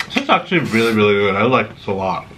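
Deadpan teasing man on a food vlog. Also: lowish voice, very fast, noisy background. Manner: dry teasing, deadpan jabs. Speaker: co-host partner. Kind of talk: casual eating vlog chat. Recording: clattering dishes and clicks behind.

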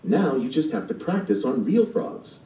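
A man's voice: mid-range voice, very animated, moderate pace, warm tone, roomy sound, far from the mic, pitched above the performer's own voice, close to an everyday voice, rough recording. A man voicing a spirited, bossy young girl who is a big sister, in a storybook reading. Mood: playful.

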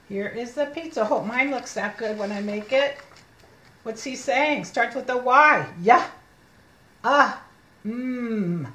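A reading teacher with a fairly high voice leads a read-aloud lesson for small children. She takes her time, stretching out letter sounds and praising each word, and her voice rings a little in an echoey room. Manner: sounds out letters slowly, encouraging and animated.

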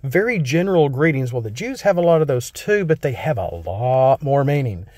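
An American man reading Bible verses slowly and solemnly, then explaining them in a casual, rambling way. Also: medium pitch, sing-song, a little mellow, no room sound, clean studio sound. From United States. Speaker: Bible teacher.

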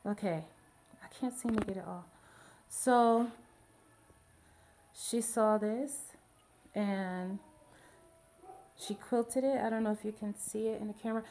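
A woman's voice: mid-range voice, slow pace, long pauses, a little mellow, slight background noise. A middle-aged woman in a casual show-and-tell vlog, chatty and rambling, gushing about a gift. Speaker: video blogger.

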